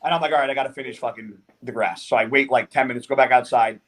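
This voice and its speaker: A man telling a story on a podcast, animated and rambling, with lots of swearing. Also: mid-range voice, fast talker. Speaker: podcast guest. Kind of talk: casual storytelling.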